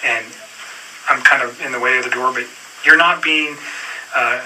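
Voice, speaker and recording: A male detective questions a witness in a calm, procedural way, dropping in frequent fillers. His voice sounds distant in the room, with clear noise underneath. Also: mid-range voice, normal speed. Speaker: police detective. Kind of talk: police interview questioning. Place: police interview room.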